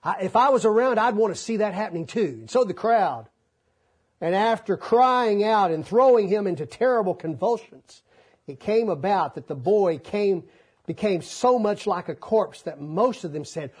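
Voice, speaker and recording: Male preacher, fairly high husky voice, folksy and animated, acts out scripture. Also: moderate pace. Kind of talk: sermon.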